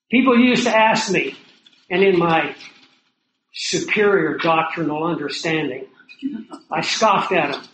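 A man with a high, fairly bright voice preaches conversationally, posing rhetorical questions to his listeners. He seems to be outdoors or in a lodge near hills and prairie, and the audio carries a roomy echo with faint noise.

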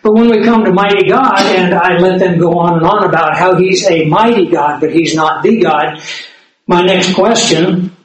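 A man preaching a sermon, expounding scripture in a measured, emphatic way with occasional fillers. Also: high-pitched, steady tone, heavy reverb, poor audio. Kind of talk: sermon teaching.

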